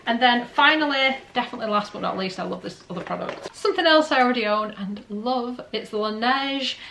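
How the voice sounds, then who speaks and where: A woman's voice: fairly high pitch, brisk, creaky, fairly bright tone, slight background noise. Woman, casual unboxing chat, candid product verdicts. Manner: chatty, candid, rambling asides. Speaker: beauty vlogger.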